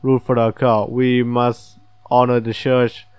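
A man's voice: mid-range voice, little pitch movement, a little slow, a little mellow, clean tone, no room sound. A man hosting a casual let's-play, reading the game's text aloud and reacting with laughs and swearing. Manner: chatty, swearing, reads game text aloud, laughs often. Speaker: gaming channel host.

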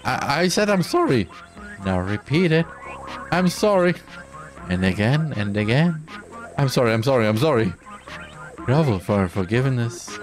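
A man's voice: mid-range voice, very animated, normal speed, long pauses, faint music behind, natural voice. A man voicing a frightened young man who stammers and pleads apologies. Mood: pleading.

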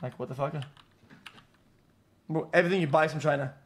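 A male streamer ranting to his chat with a voice a touch higher than most men's. He is blunt and mocking, swears constantly and keeps stumbling over and restarting his words. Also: a little fast. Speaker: live streamer. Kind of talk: casual rant to chat.

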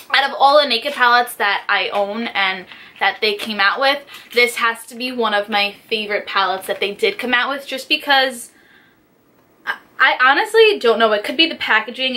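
A young woman beauty vlogger chats excitedly about makeup, gushing and piling on filler words. Her voice sits a little high and sounds bright and sharp. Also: normal speed, a little hiss or hum. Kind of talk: casual unboxing chat.

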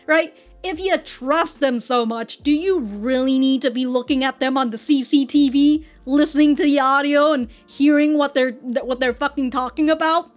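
Sweary, animated female reaction host. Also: high-pitched, normal speed, hardly any pauses, faint music behind. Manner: swears freely, laughs often, animated storytelling. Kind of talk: casual reaction commentary.

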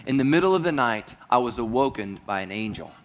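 Male pastor, earnest storytelling sermon, mid-pitched voice that sinks to a hush, long church reverb. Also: lively intonation, fairly quick. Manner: earnest, dropping to a hushed voice for heavy moments.

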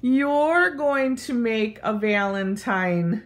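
A woman reading a children's picture book aloud in an expressive, sing-song voice. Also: fairly high pitch, drawn-out words.

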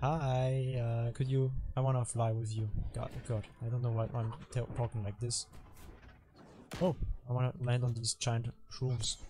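A man's voice: mid-range voice, little pitch movement, normal speed. A man giving casual gaming commentary, rambling with joking, self-mocking asides as he plays. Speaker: gameplay commentator. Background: game music and effects.

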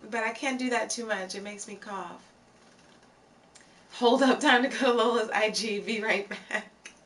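A woman's voice: fairly high pitch, measured pace, a bit bright, recorded from a distance. A woman hosting a live stream, chatting casually with viewers in a playful, giggly way, reading their comments aloud and repeating phrases for emphasis.

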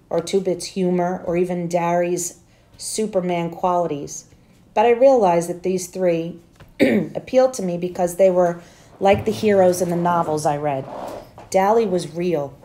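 A woman teacher reading a novel aloud to her students, in steady, plain storytelling. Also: fairly low pitch.

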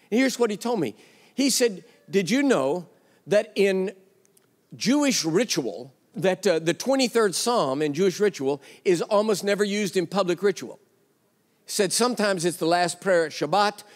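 A man preaching a sermon, telling a story with quoted dialogue and an emphatic delivery. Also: high voice. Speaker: pastor. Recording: long reverb of a large hall.

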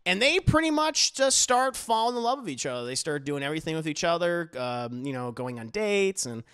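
A man casually recapping a TV episode, animated and profane, acting out the scenes as he goes. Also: a little high, brisk, smooth. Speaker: TV reviewer.

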